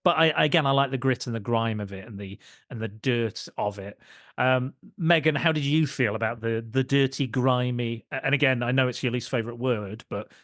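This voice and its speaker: A man in mid-range pitch hosts a relaxed film podcast chat, sentences tumbling out with restarts and little laughs. His voice sounds dry and close to the mic, with no room around it. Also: no echo. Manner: rambling, self-interrupting, quick to laugh. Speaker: podcast host.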